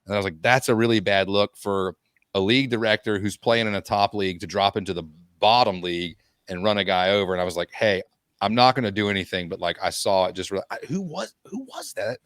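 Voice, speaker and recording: Guy cohosting a podcast, tells stories all animated and teasing, lowish voice, dry sound. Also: fast talker, smooth, dry recording. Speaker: podcast co-host, hockey league director. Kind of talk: casual chat.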